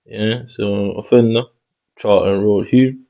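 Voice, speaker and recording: Gravelly Jamaican man, dull lo-fi sound. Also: lowish voice, steady tone, takes it slowly, dark tone. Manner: muttering to himself, swearing, slangy. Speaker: vlogger. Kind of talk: casual screen-share commentary. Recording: dull lo-fi recording.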